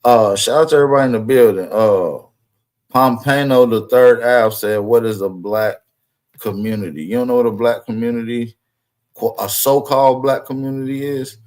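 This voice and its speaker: Forceful man co-hosting a livestream. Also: mid-range voice, normal speed. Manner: forceful, shouts out to viewers. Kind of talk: casual chat.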